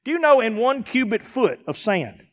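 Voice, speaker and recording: A man, a pastor preaching a sermon to a congregation in a church, emphatic and building to shouts. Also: extremely high pitch, very animated, normal speed. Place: church sanctuary before a congregation.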